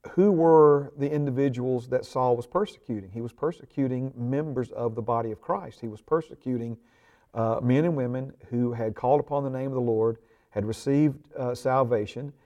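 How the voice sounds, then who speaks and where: A man leading a church Bible study, his voice dark and mellow, pitched in an ordinary middle range. He teaches earnestly, peppering his talk with ums and uhs, and swells with emphasis when he reads scripture aloud. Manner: prays aloud. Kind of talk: church discipleship class teaching.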